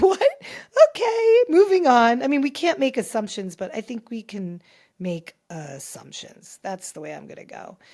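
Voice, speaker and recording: A woman hosting a pop culture podcast, telling a personal story in a chatty, animated way with many restarts. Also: mid-range voice. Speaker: podcast host. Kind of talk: casual chat.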